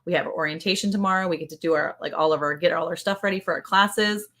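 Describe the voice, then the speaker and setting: A woman's voice: on the low side, fast talker, fairly bright tone. Bubbly woman co-hosting a live stream. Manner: bubbly, laughs often, reads chat comments aloud. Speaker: co-host of a ranch livestream. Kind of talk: casual live-stream chat.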